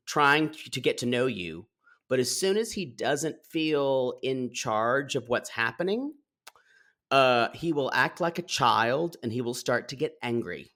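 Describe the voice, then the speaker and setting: A man's voice: mid-range voice, fairly bright tone. A man co-hosting a podcast, chatting playfully and giving strong opinions while recording remotely. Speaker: podcast co-host. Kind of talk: casual chat.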